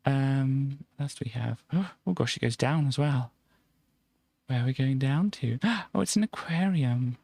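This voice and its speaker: A man with a gravelly, fry-edged voice narrates a game tour in a playful, rambling way. He is close and dry on the mic with no room sound. He scatters silly noises through his casual commentary. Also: mid-range voice, a little slow, dark tone, no room sound. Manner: playful, chatty, drops in silly sound effects. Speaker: streamer.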